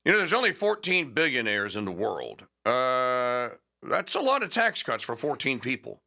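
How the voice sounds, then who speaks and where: A man's voice: mid-range voice, big pitch swings, moderate pace, creaky, sharp tone. A man hosting a talk show, reading news aloud with sarcastic, rambling asides and stalling with fillers while he hunts for names. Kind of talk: opinionated talk radio monologue.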